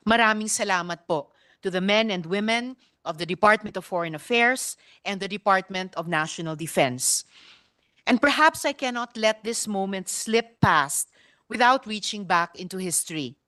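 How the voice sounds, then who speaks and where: A woman senator giving a formal, measured and earnest floor speech in a legislative chamber. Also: medium pitch, a bit bright, no echo.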